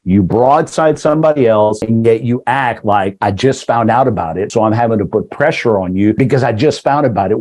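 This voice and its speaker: A man's voice: medium pitch, dark tone, poor audio. A man hosting a motivational workshop talk who quizzes his audience with rhetorical questions. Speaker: podcast host and leadership speaker.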